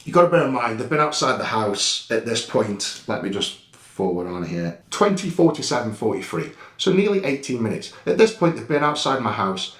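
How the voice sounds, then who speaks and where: A man's voice: mid-range voice, very animated, moderate pace, few pauses, a bit bright, roomy sound. A man telling a story over security footage in a blunt, heated way, swearing freely. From England. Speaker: guest recounting an incident.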